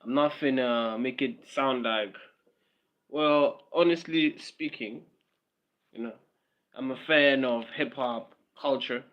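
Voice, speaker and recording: A man's voice: medium pitch, slow, lo-fi sound. A man with a South African accent rambling casually on a livestream, with repetitive fillers and mocking asides.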